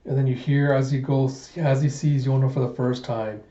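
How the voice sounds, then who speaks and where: A man's voice: medium pitch, steady tone, normal speed, dark tone, roomy sound, dull audio. A man casually retelling a manga chapter in loose, run-on narration. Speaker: manga reviewer.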